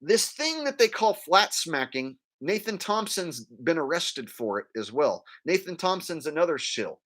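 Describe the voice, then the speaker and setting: Man, live-stream rant, blunt, lively pitch, bright voice. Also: measured pace. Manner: animated, blunt, ranting, many fillers.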